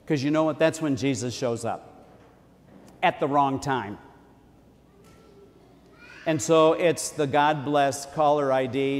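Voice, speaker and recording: A man's voice: mid-range voice, takes it slowly, long pauses, in a large hall. A man preaching a sermon in a church in a conversational tone, repeating key phrases for emphasis.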